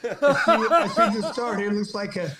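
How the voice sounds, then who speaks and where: A man's voice: high voice, lively intonation, normal speed, a loud crowd. A man guest on a podcast, talking casually with a laid-back manner and stammered restarts. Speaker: fighter and guest.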